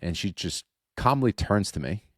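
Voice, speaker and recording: A man's voice: lowish voice, normal speed, no echo, studio quality. A man in his thirties co-hosting a podcast, telling an earnest family story in casual chat. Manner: earnest storytelling, animated when quoting. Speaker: podcast co-host.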